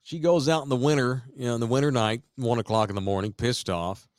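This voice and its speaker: A man's voice: medium pitch, quick pace, no echo, clean studio sound. A man, a podcast host telling profane family stories in casual chat. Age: 40s. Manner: profane, rambling storyteller, laughs at dark jokes.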